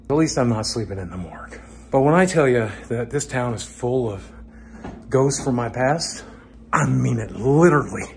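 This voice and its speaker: This is casual storytelling from a middle-aged man touring his hometown on a night-time vlog, candid and wryly conversational. He speaks in a mid-range voice, and a little hiss or hum can be heard.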